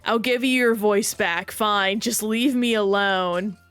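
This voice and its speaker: A woman's voice: mid-range voice, steady tone, slow pace, fairly bright tone, smooth, no echo, faint music behind. A woman voicing an impatient female sea witch in a made-up cartoon scene, speaking curtly. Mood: fed up.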